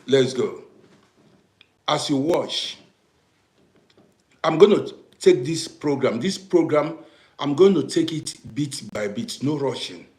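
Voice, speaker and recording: A man from Africa with an African English accent, hosting a livestream and talking to his viewers in an emphatic way, checking that they understand and breaking into loud bursts. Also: mid-range voice, echoey room. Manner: emphatic, repeats "do you understand me", swings from quiet to loud bursts. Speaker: livestream host. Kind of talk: live-streamed commentary to viewers.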